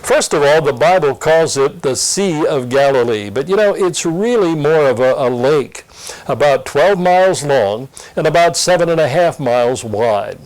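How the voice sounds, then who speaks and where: Male lesson presenter, fairly high voice, lively and earnest, reading Bible study notes. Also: normal speed, rough recording. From Pennsylvania. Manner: earnest, expressive teaching tone. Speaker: Sunday school lesson presenter. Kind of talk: scripted Bible lesson preview.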